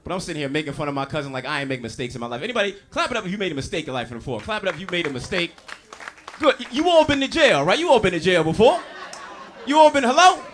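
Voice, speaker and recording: A man's voice: high-pitched, big pitch swings, racing, a bit bright, slight background noise. A man doing a stand-up comedy set on stage, brash and profane, talking straight to the crowd with audience laughter behind him.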